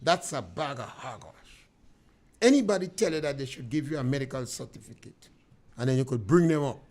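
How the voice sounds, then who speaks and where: A middle-aged Grenadian man hosting a radio talk show, delivering an emphatic, preachy monologue with swings of loudness. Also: medium pitch, animated, a little fast.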